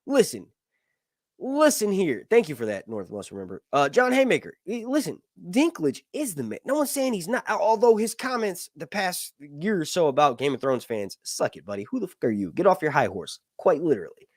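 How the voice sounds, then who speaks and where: A man's voice: on the high side, very animated, fairly quick, no room sound, studio quality. A man in his early thirties, host of a casual live stream, rambling, joking and swearing as he loses his train of thought. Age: 30s.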